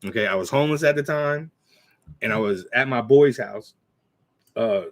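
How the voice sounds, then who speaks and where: A man in his forties speaks casually into a computer mic, his voice sitting at an ordinary middle pitch. He rambles, restarts his sentences and clears his throat often, in the easy manner of someone telling stories. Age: 40s. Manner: recites his own verses in a slow, measured cadence. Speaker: channel host. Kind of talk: casual talk to camera.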